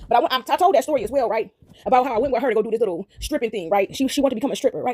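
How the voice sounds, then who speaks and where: Quick, high-ish woman vlogger, loose rambling monologue over kitchen work. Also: dark tone, breathy edge. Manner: rambling, repeats "right?" often. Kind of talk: casual talk while baking.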